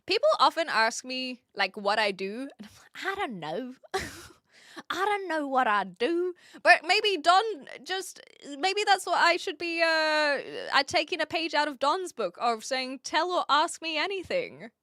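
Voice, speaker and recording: A young woman with a New Zealand accent, softened by years abroad, chats with her stream viewers and laughs often. Her voice is high and bright, with a lively, bouncing pitch. The sound is close and dry. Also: measured pace, dry recording. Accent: New Zealand, softened by years in Australia and the UK. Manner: giggly and bubbly, reads chat aloud, frequent laughs. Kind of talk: casual live-stream chat with viewers. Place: attic.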